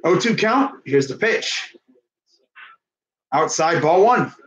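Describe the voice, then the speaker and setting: A man's voice: on the high side, animated, slow, a bit bright, rough recording. A young man doing casual play-by-play of a baseball video game, chatty, laughing often and talking to someone off-mic. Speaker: fan commentator.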